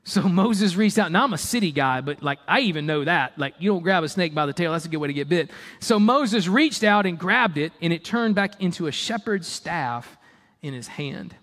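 A man's voice: on the high side, lively intonation, normal speed, fairly bright tone, in a large hall. A man preaching a sermon in a conversational, emphatic way, with mock-exasperated asides.

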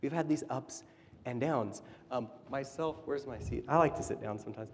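A man in his thirties, a church leader, telling stories in a casual, animated sermon. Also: medium pitch, moderate pace. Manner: animated, chatty storytelling. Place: church sanctuary. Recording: reverberant church hall.

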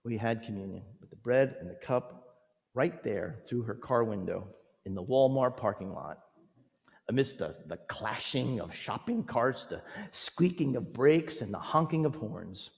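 A male pastor delivers a sermon in an earnest, gentle storytelling manner. His medium-pitched voice carries a long reverb, as if spoken in a large church sanctuary. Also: lively intonation, unhurried, gravelly.

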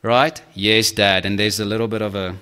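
A man preaching a sermon earnestly, often checking in with listeners and pushing his pitch up to stress key points. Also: steady tone, fast talker, clean tone. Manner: earnest, checks in with frequent "okay?" and "right?"; swings to high, louder emphasis on key points. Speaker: pastor.

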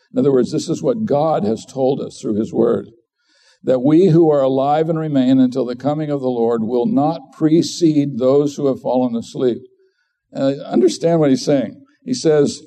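Middle-aged male pastor, very dark, mellow tone, earnest conversational sermon delivery. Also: medium pitch. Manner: earnest, conversational preaching with frequent restarts.

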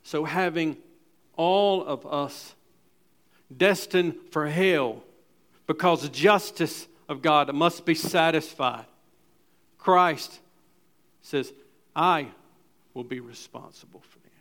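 A man preaching a sermon, reading quotes with dramatic weight and building from quiet asides to loud, emphatic preaching. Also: a little high, slow, pauses often. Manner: reads scripture and quotes aloud with dramatic weight. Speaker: pastor.

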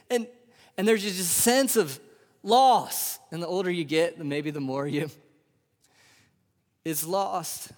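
A male pastor in his thirties delivers a live sermon, his fairly high voice ringing through a large hall with a long echo. He builds to loud, soaring peaks, then drops to slow, hushed near-whispers. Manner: swings from loud, rising emphasis to hushed, drawn-out whispers.

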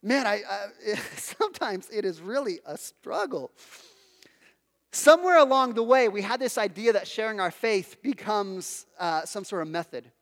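A man with a high voice preaches a sermon as a pastor, easygoing and chatty, stumbling and restarting as he tells stories at his own expense. His voice rings out in a church sanctuary with a long, trailing reverb. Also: expressive, measured pace, a bit bright. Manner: conversational, self-deprecating storytelling with many restarts.

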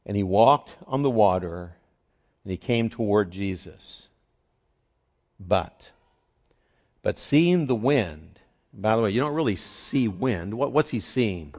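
A man from the eastern United States preaching a sermon as pastor, telling the story in a conversational, animated way. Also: mid-range voice. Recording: dull lo-fi recording.

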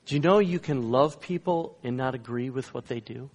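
A man's voice: mid-range voice, moderate pace. Man preaching in a long-reverb hall. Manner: swings between loud emphatic and hushed soft delivery. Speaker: guest pastor. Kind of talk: sermon storytelling.

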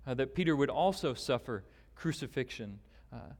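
A man preaching a sermon as pastor, deliberate and emphatic, with long pauses. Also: medium pitch, expressive, a little mellow. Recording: long hall reverb.

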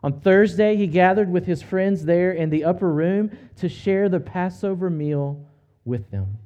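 Earnest, high-voiced male preacher. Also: mellow, dull audio. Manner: earnest, measured storytelling with slow emphatic pauses. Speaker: pastor. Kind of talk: sermon.

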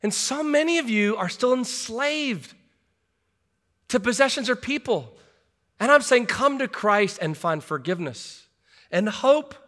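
Middle-aged male pastor delivering a sermon, high and bright, earnest with wry asides. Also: expressive, unhurried. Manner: earnest, rhetorical questions, self-deprecating asides. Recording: long hall reverb.

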